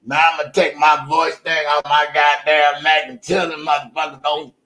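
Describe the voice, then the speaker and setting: A man hosting a livestream, ranting loosely and swearing freely as he laughs his way through it. His voice sits fairly high and sounds bright and forceful, and he often leaps into shouting. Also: moderate pace. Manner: animated, profane, laughing often. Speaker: livestream host. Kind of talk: unscripted livestream rant.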